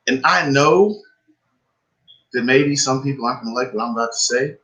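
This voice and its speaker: A man's voice: medium pitch, moderate pace, pauses often, rough recording. A man, podcast co-host, telling a story in casual chat, swearing often and ranting with frustration. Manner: profane, animated, frustrated ranting.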